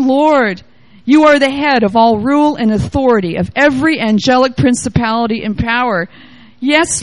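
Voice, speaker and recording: A woman preaching a charismatic sermon, reading scripture aloud and commenting on it, swinging from loud exclamations to quiet asides. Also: fairly high pitch, no echo.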